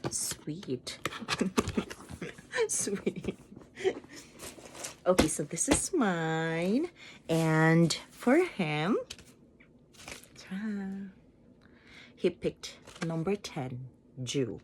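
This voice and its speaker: Filipino woman vlogger, casual unboxing chat, low voice with a lively lilt, faint room hum behind. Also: very slow, long pauses. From Philippines. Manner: chatty, giggly, playful exclamations. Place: home in Japan.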